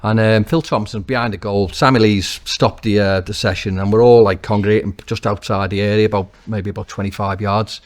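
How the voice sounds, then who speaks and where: A man with a Liverpool accent, a former footballer and now a manager, telling animated, swear-laced stories as an interview guest, with many restarts. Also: lowish voice, fairly quick, few pauses. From Liverpool, England. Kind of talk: casual interview anecdotes.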